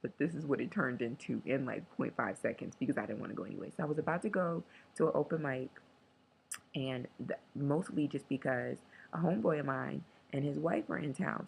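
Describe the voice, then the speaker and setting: A woman talking candidly in a casual video diary, emotional and joking, sometimes breaking into a squeaky high chant. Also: a little fast, vocal fry, poor audio. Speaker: vlogger.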